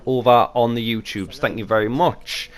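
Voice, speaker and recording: A man's voice: medium pitch, moderate pace. A British man hosting a casual gaming Q and A vlog, talking off the cuff with a chatty, rambling manner. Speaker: YouTube channel host.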